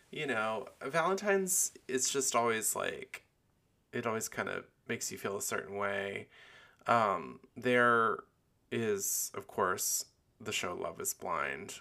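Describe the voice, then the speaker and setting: A man's voice: lowish voice, vocal fry, sharp tone. A man hosting a casual solo podcast, rambling and playful with many fillers. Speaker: podcast host.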